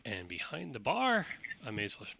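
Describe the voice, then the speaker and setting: A man's voice: mid-range voice, huge pitch swings, normal speed, gravelly, pushed and bright, lo-fi sound, a little hiss or hum. A man narrating and running a tabletop role-playing game, laid-back and rambling. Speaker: game master.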